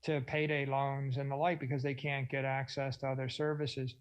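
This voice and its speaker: A man's voice: medium pitch, little pitch movement, moderate pace, poor audio. A middle-aged man speaking on a conference panel, enthusiastic and expansive, often slipping into quoted voices.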